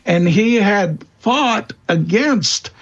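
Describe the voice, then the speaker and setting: A man speaking as a guest expert in an interview, answering in a halting way with many fillers and restarts. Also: high voice, expressive, fairly bright tone, dull audio. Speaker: guest expert on vampire lore.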